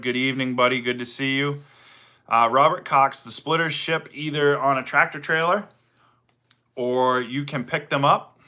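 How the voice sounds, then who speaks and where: Middle-aged guy w a maine accent doing a chill livestream, bright punchy voice, says hi to folks by name. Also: medium pitch. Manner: easygoing, greets viewers by name, many fillers. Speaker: livestream host, firewood seller. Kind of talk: casual livestream chat reading viewer comments.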